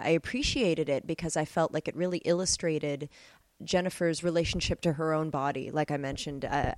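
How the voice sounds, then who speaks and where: A woman's voice: low voice, a little mellow, dry recording. A woman co-hosting a film podcast, giving thoughtful readings of a scene. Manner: thoughtful, interpretive. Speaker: podcast co-host. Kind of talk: casual film discussion.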